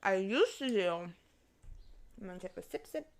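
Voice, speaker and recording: A woman, hosting a casual solo podcast and telling stories in a lively, profane way while she eats. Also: medium pitch, normal speed. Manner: animated storytelling, swears freely, mimics her own voice. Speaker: podcast host.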